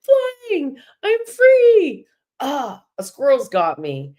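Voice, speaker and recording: A woman's voice: medium pitch, animated, a little slow. A woman voicing a small, adventurous rebel acorn in a wide-eyed storybook voice. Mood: excited.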